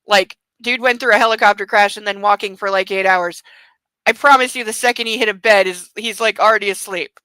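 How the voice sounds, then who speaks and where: A woman's voice: mid-range voice, fairly even intonation, fairly quick, bright, forceful tone, clear, resonant tone, no echo, poor audio. Wry woman reading a book aloud. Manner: wry, sarcastic asides. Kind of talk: comedic reading with commentary.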